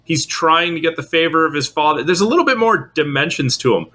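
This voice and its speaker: Male podcast co-host, bright forceful voice, opinionated and animated in debate. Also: brisk. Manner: opinionated, lively pitch swings, argues his points. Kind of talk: casual film review chat.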